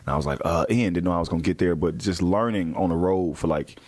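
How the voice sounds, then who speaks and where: A male comedian chatting casually in an interview, telling animated stories and acting out other people's voices. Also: low voice, fast. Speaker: comedian guest.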